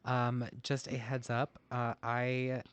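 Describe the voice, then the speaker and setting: A man's voice: mid-range voice, monotone, slow, clear, resonant tone. A man co-hosting a casual podcast, reading notes aloud and often laughing at himself. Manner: self-deprecating, laughs often. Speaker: podcast co-host. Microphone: masked while recording.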